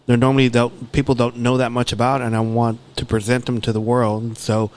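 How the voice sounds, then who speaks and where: Frank, easygoing podcast co-host. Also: male voice, medium pitch, completely flat delivery, brisk. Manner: frank, repeats words as he starts sentences. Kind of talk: casual chat.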